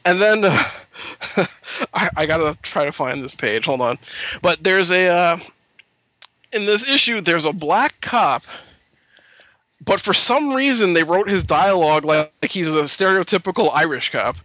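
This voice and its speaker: A man hosting a casual podcast about comics, animated and quick to laugh. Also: high-pitched, no room sound, dull audio. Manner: animated, laughs often, does quick voices in anecdotes. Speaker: podcast host.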